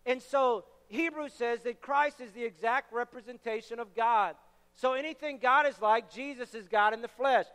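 High-voiced young preacher in a hall. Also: male voice, moderate pace, clear, resonant tone. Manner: animated, storytelling with loud shouted bursts. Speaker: pastor. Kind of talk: sermon. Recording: reverberant hall.

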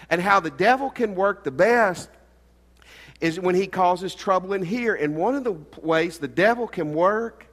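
A middle-aged man preaching a sermon as pastor, earnest, swinging between loud emphasis and quiet asides. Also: fairly high pitch. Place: church sanctuary. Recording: long hall reverb.

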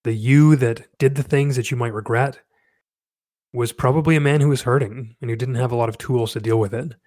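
A man's voice: medium pitch, steady tone, a little fast, darkish tone, no room sound, studio quality. A man speaking earnestly and candidly to other fathers, reading aloud and encouraging them. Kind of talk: reflective talk and reading aloud.

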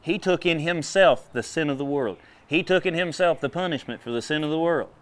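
Folksy preacher, animated and loud. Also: male voice, on the high side, fairly quick. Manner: folksy, animated, drawling with sudden loud bursts. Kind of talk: sermon.

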